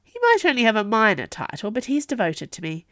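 A woman's voice: on the high side, wildly swooping pitch, brisk, fairly bright tone, dry recording, studio quality, voice pushed up. A woman voicing a cheerful, frank young princess with a breezy, blunt manner.

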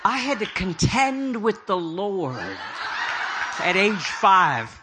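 A man's voice: high-pitched, big pitch swings, slow pace, background noise. A middle-aged man preaching a humorous sermon, telling stories with jokey, self-deprecating asides. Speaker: prophetic speaker.

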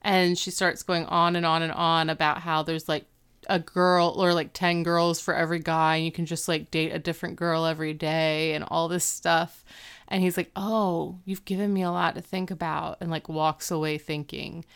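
A woman co-hosting a relaxed podcast chat retells a TV episode with animation, performing the characters' quotes herself. She speaks at a moderate pace in a fairly low, clean voice.

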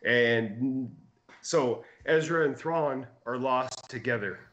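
A man's voice: medium pitch, slow, fairly bright tone. A man in a casual podcast chat, talking hesitantly and repeating words as he lays out a theory. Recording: dull lo-fi sound.

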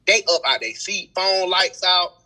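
A young man telling stories in a casual podcast chat, animated and full of slang. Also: high-pitched, measured pace, rough recording. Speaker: event host and promoter.

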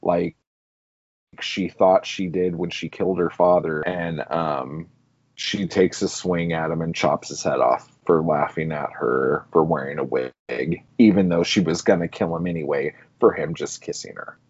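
A low, husky male voice rambles through a film recap, peppering every sentence with "like" and casual swearing. The sound is dry and slightly dull, a lo-fi podcast recording. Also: measured pace, darkish tone, dry recording. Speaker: podcast co-host.

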